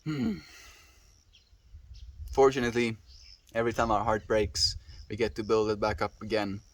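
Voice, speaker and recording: A man's voice: fairly low pitch, steady tone, moderate pace, a bit bright. A man livestreaming, chatting with his viewers in an earnest, affectionate, reflective way. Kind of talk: casual chat with live viewers.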